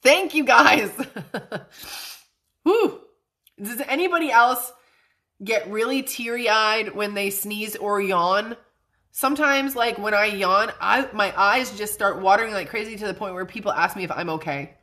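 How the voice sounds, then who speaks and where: A woman's voice: medium pitch, a little slow, bright, forceful tone. A young woman hosting a casual livestream as a psychic medium, chatty and bubbly, often laughing as she talks to viewers.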